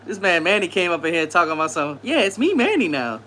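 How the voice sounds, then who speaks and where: A man hosts a live stream and answers chat in a relaxed, slangy way. His voice is bright and fairly high for a man. His pitch swings widely from line to line. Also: quick pace, slight background noise. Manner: laid-back slangy banter, laughs often.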